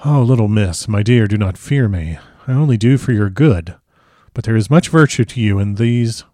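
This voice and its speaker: A man voicing an old foreign professor who speaks grave, broken formal English in a measured way. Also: fairly low pitch, animated, warm tone, no room sound, studio quality, lightly acted. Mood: gentle. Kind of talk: audiobook character reading.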